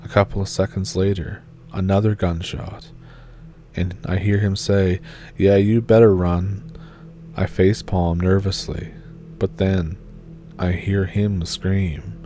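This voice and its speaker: A man narrating a first-person horror encounter story in a steady, measured read. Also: deep voice, slight background noise.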